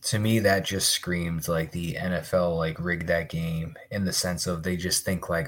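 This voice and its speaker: Young man, sports podcast co-host, very deep voice, husky, casual stat-heavy banter. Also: flat delivery, fairly bright tone. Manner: rapid stat-listing banter.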